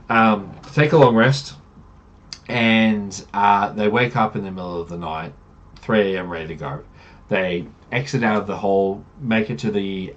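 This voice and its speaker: Brief: casual game master recap, rambling with fillers, slightly low voice. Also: male voice, highs cut off, slight background noise. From Australia. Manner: rambling, many fillers and self-corrections. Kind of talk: casual campaign recap narration.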